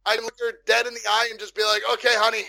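High gravelly Canadian man, crude joker. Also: completely flat delivery, very fast, bright, forceful tone. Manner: rambling, crude joking, swearing. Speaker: podcast guest. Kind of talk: casual podcast chat.

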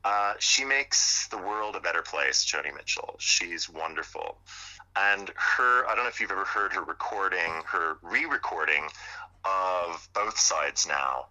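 A man's voice: low-pitched, expressive, measured pace, bright, forceful tone, low-quality recording. A man from Montreal, Canada, chatting enthusiastically as a guest, rambling with many fillers. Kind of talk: casual chat.

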